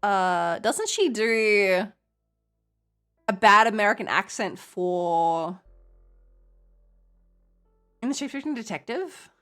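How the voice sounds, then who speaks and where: Giggly streamer host, bright lively voice, faint music behind. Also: female voice, mid-range voice, slow pace, long pauses, clean tone. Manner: giggly, rambling banter. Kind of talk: live stream reaction chat.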